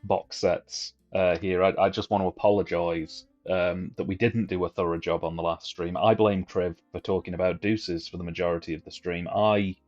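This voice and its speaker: A man with a lowish voice trading dry, wry banter on a casual live stream. The audio is dull and lo-fi, with faint music underneath. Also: fairly even intonation, moderate pace, hardly any pauses, a little mellow. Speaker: stream co-host.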